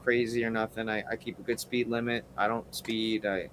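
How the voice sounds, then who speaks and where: A man's voice: lowish voice, level tone, brisk, fairly bright tone, slight background noise. A man telling a rambling story in a casual interview, full of fillers and asides. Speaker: wrestler guest.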